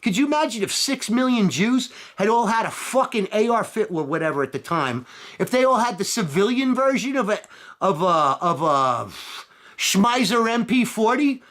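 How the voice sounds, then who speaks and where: A man's voice: sits high, lively intonation, normal speed, a bit bright. A middle-aged man rambling and ranting profanely to camera in a casual vlog, sometimes mocking others in put-on voices. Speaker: vlogger.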